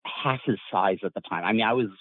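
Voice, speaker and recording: A man chatting on a podcast, telling animated stories and swearing freely. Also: lowish voice, fairly quick, no room sound. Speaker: podcast host and former wrestler. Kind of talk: casual podcast chat. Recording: dry, tinny phone-line sound.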